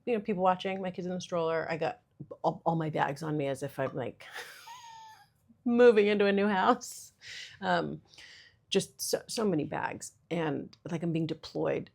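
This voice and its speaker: A woman's voice: on the low side, gravelly. A woman in her thirties hosting a casual solo podcast, rambling and self-deprecating with lots of fillers. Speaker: podcast host.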